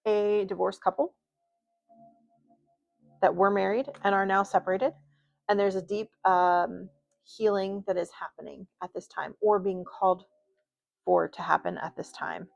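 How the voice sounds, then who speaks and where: A woman's voice: medium pitch, creaky, dull audio. A woman giving a casual spoken tarot reading, chatty and rambling, with many fillers and asides. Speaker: tarot reader.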